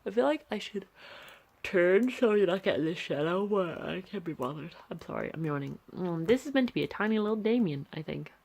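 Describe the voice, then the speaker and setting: A woman's voice: fairly low pitch, animated, brisk, vocal fry, darkish tone. A young woman chatting casually and rambling with many fillers and restarts, filming on a handheld camera. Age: young adult. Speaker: art vlogger. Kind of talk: casual chat.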